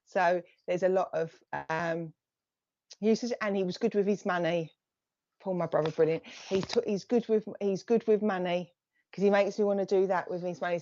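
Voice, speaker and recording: A woman medium talking on a live stream, chatty and running from one message to the next. Her voice sits a little low, and the sound is dull and lo-fi, as in a budget stream. The room is dry, with no echo. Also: a little mellow. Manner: chatty, relays messages in bursts, thanks viewers by name. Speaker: psychic medium giving live readings. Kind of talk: live-stream reading to viewers.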